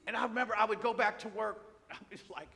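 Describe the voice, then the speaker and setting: A man preaching a sermon, telling a personal story with animated delivery and acting out the voices of the people in it. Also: high-pitched, fast, creaky, slightly rough. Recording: long hall reverb.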